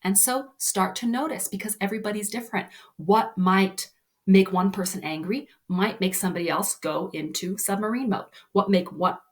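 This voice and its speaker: Gentle woman coaching kids. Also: on the low side. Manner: gentle, reassuring, often ending with "right?". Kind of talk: explaining lesson to children.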